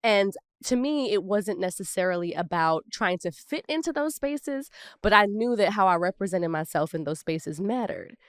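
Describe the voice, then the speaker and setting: Smooth and medium-pitched, her voice has lively intonation and a moderate pace, with no echo and clean studio sound. As a podcast co-host from Brooklyn, New York, she relates personal stories in casual talk, reflecting and adding asides.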